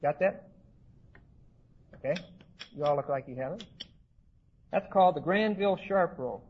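A man's voice: fairly high pitch, normal speed, phone-quality sound, slight background noise. A man teaching a class on the Bible, often checking in with his listeners and restarting his phrases. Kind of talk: classroom lecture on scripture.

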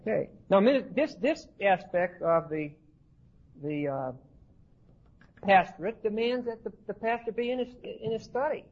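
Man, Bible teacher, classroom lecture, high pitched, breathy, halting delivery, muffled old recording. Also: lively intonation. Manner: checks in with the class often; halting, restarts phrases.

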